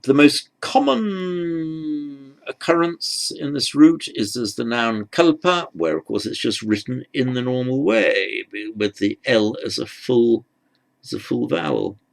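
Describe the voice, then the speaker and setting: A man teaching script letters, talking haltingly as he writes and repeating words as he goes. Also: medium pitch, vocal fry. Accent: British. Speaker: language teacher. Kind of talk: handwriting lesson.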